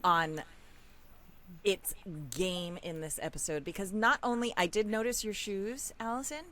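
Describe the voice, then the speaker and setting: A woman's voice: medium pitch, measured pace, a bit bright, slight background noise. A woman co-hosting a podcast in casual chat, talking enthusiastically about the details she noticed. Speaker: podcast co-host.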